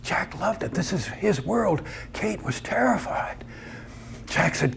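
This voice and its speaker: A man's voice: high-pitched, lively intonation, takes it slowly, vocal fry, fairly bright tone, whispered. A man performing a dramatic told story, narrating it vividly.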